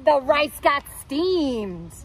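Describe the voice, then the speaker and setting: A woman teacher reading a picture book aloud to young children, expressive and playful, putting on voices for the characters. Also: high voice, extremely slow, slight background noise, poor audio. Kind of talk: read-aloud storytime for children.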